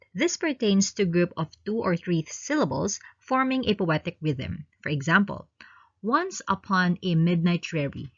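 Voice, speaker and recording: Filipino woman teaching, lively husky voice. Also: medium pitch, highs cut off. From Philippines. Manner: explains each answer choice in turn. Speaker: exam review teacher. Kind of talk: reading quiz questions and explaining answers.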